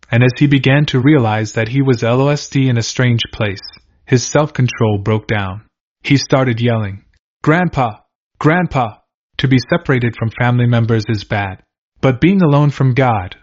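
An older man reading a religious children's story aloud, earnest and plain, asking the listener gentle questions. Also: medium pitch, highs cut off. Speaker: narrator of a devotional book.

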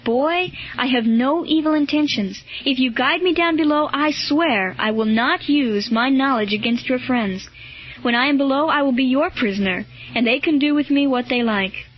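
A woman's voice: high-pitched, moderate pace. A woman reading the part of a male Roman soldier, speaking firmly and solemnly. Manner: firm, solemn. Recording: dull lo-fi recording.

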